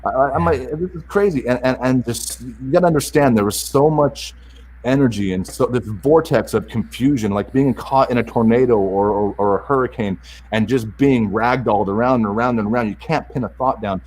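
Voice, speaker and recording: In a mid-range, slightly mellow voice, with a bit of hiss or hum on the recording, a self-help author tells a podcast interviewer about a painful personal experience. His delivery is earnest and emotional but halting, with sentences often broken off, restarted, and words repeated.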